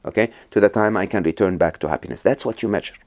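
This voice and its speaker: A man's voice: lowish voice, quick pace, darkish tone. A middle-aged man from Egypt, a podcast guest telling stories and explaining ideas in a conversational interview, with many restarts and check-ins like "right?".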